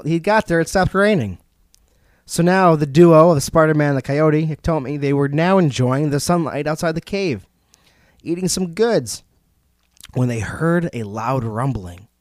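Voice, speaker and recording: A man's voice: a little high, no echo, studio quality. A man hosting a casual storytelling podcast, retelling a legend in a loose, joking way.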